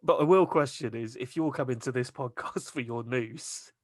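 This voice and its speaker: A man's voice: medium pitch, normal speed, no room sound. Wry man with dry banter. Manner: wry, swearing, dry jokes. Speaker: podcast co-host. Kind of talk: casual banter.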